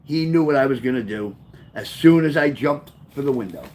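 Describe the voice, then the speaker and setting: New guy reading his memoir out loud, swings his voice all over, throws in side comments. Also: medium pitch, fairly quick. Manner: animated storyteller with offhand asides. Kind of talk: first-person memoir storytelling.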